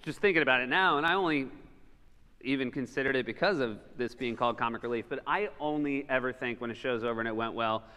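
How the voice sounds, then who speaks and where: A man's voice: medium pitch, fast, long reverb tail. A man, a comedian on a conference panel, telling stories in a casual onstage chat and laughing as he goes. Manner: animated, laughs through his stories. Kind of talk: casual onstage conversation, storytelling. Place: conference stage in a large hall.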